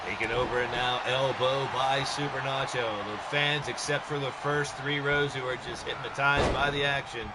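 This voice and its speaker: A man doing joking, excitable solo play-by-play for a wrestling game show he hosts. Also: normal speed, few pauses, heavy background noise. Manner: excitable, joking, shouts and jumps in pitch at big moments. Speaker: wrestling commentator and show host.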